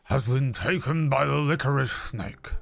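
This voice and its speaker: Man playing a bear king, candy, formal, slow, gravelly, tabletop game. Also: medium pitch, fairly bright tone, soft background music. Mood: pleading.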